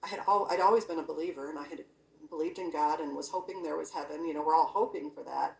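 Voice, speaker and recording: A woman's voice: low voice, fast, creaky, a little mellow. A woman earnestly recounting a personal spiritual experience in casual, conversational storytelling, often using "you know" and "I'm like". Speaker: guest sharing a near-death experience. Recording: echoey room, voice from a distance.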